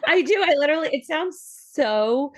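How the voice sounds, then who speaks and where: A woman in her thirties from New York with a New York accent, a guest in a casual interview, talking in animated bursts with quick restarts. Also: sits high. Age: 30s. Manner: animated, talks in bursts with restarts and quoted asides.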